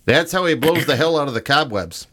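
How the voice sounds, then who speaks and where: A man's voice: a little high, expressive, brisk, a bit bright. A man hosting a live radio show, chatting casually and rambling through jokes in a studio. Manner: joking, rambling storyteller.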